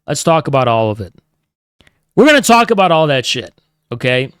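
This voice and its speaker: A man's voice: medium pitch, very animated, moderate pace, a bit bright, smooth, no echo, studio quality. A man streaming a heated, profane, combative rant. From United States.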